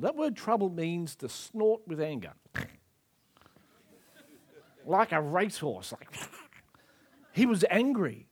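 Male preacher, sermon, emphatic, lively rising and falling pitch. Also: unhurried, husky. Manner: emphatic, acts out scripture scenes.

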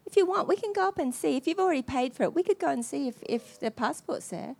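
A woman voicing a helpful embassy worker who speaks in a bright, offhand way. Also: high voice, expressive, fast, vocal fry, pitched above the performer's own voice.

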